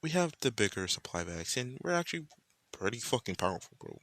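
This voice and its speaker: A man's voice: on the low side, big pitch swings, fairly quick, creaky, a bit bright, dry recording. Young man rambling a profane fan story. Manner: casual, rambling and profane, heavy slang. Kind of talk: improvised fan-fiction storytelling.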